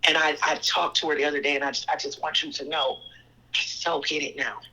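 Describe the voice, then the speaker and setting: A woman guest with a low, husky voice talks a little fast, telling personal stories conversationally over poor audio. She's animated, acting out other people's lines in their voices.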